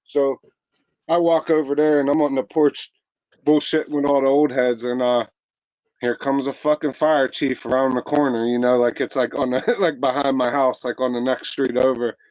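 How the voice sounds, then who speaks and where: Pennsylvania guy, loose cussing storyteller, mid-pitched voice, dry recording. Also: flat delivery, normal speed, a little mellow, dry recording, low-quality recording. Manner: profane, brash, laid-back storyteller. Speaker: podcast co-host. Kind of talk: casual storytelling chat.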